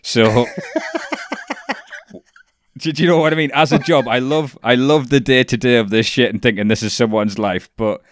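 A man chatting casually as a podcast co-host, animated and swearing freely, laughing at his own jokes. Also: mid-range voice, moderate pace, long pauses, dry recording, studio quality. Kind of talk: casual chat.

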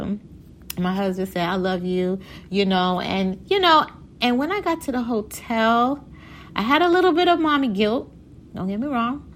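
A woman in her thirties from Haiti talking casually about her own life, animated and laughing often as she tells stories. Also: a little high, normal speed, a little hiss or hum. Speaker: vlogger. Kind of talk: casual personal talk.

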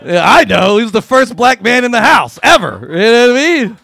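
A man performing a crude, profane stand-up comedy routine, riffing and acting out quotes with loud, punchy bursts. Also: very high voice, big pitch swings, normal speed, creaky, no room sound, studio quality.

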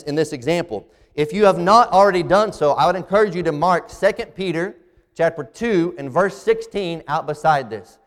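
A man preaching an expository sermon, reading scripture aloud and slowing down to stress key phrases. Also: a little high, big-room sound.

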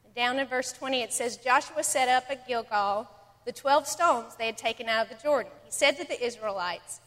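Woman, bright tone, long hall reverb, casual devotional talk, reads scripture. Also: a little high, moderate pace. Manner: conversational, many ums, reads scripture aloud. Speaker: Bible study leader.

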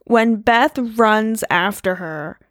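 A woman's voice: on the high side, slow, dry recording, clean studio sound. A woman co-hosting a podcast in casual chat, trailing off and restarting her thoughts and laughing often. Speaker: podcast co-host.

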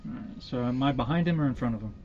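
A man's voice: mid-range voice, racing, a little mellow, highs cut off, slight background noise. A man playing in a tabletop game, talking plainly and asking questions. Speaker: player. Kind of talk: casual tabletop play.

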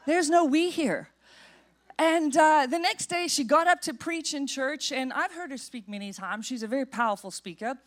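Woman pastor preaching at church, kinda high voice, lively funny storytelling. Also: normal speed, hardly any pauses. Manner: animated, personal storytelling with humor. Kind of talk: storytelling sermon. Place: church sanctuary.

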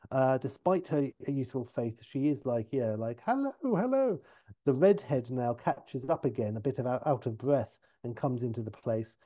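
A man casually retelling a TV episode idea in a loose, rambling storytelling pitch. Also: mellow. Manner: loose, filler-heavy retelling. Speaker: podcast host pitching a TV episode.

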